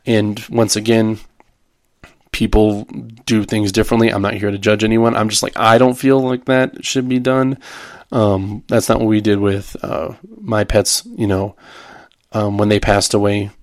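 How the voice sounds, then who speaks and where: A man's voice: on the low side, little pitch movement, a little slow, no room sound, studio quality. A man hosting a podcast, casually retelling a TV episode in a rambling way, with frequent ums and restarts. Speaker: podcast host.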